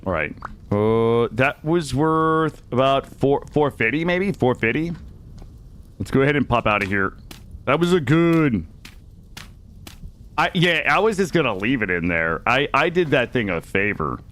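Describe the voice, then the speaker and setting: A man streaming a survival game live, chatting with viewers in an excitable, jokey way and arguing his case to chat. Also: mid-range voice, measured pace, a little hiss or hum. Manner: excitable, jokey, defensive with chat, yelps and laughs. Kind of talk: live gameplay commentary.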